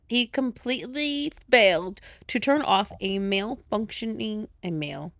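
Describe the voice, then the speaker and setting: A woman's voice: a little high, unhurried, a bit bright, no room sound, clean studio sound. A woman with a Chicago accent co-hosting a podcast in casual, giggly chat, full of "like". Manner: giggly, chatty, lots of "like". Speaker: podcast co-host.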